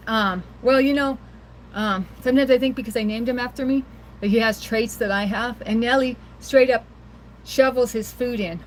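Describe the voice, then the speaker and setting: A woman's voice: on the high side, slight background noise. A woman hosting a casual livestream, chatting and rambling to viewers and laughing often, recorded on a handheld phone. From rural area near Boise, Idaho. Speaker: livestream host.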